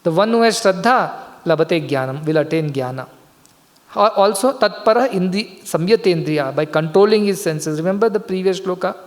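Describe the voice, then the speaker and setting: High-voiced male spiritual teacher, hall echo. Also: lively intonation, normal speed. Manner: explanatory, repeats key words. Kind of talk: scripture discourse. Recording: long hall reverb.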